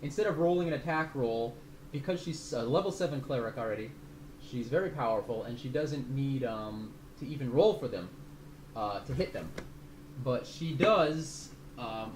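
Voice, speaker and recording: A man's voice: medium pitch, animated, normal speed, slight background noise. A man running a tabletop game as game master, rambling through the rules and swearing casually. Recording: roomy room sound.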